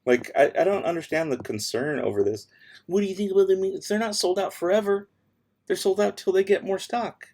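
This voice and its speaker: Man, gravelly voice, livestream host reading chat, offhand, sassy, relaxed. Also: high-pitched, a little fast. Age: adult with kids. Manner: offhand and sassy, answering chat between tasks. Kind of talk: casual livestream chat, reading viewer questions. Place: home room, late at night.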